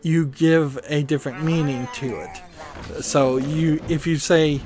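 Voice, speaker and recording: Slow-talking man musing over gameplay. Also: on the high side, fairly even intonation, a little mellow, soft background music. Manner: meandering, musing, thinks aloud. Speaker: gaming video host. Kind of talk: rambling commentary while playing.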